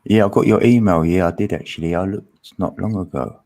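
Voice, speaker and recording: A man's voice: low-pitched, fairly quick, dark tone. A man hosting a live stream panel in casual, slangy chat, laughing often.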